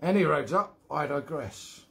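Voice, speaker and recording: A man's voice: on the high side, lively intonation, unhurried, vocal fry, a bit bright, slight background noise, full character voice. A man putting on a cheeky, brash London comic character, his Cockney accent slipping toward Australian as he tells a joke. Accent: attempted London Cockney, slipping toward Australian. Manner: exaggerated, bouncy joke delivery.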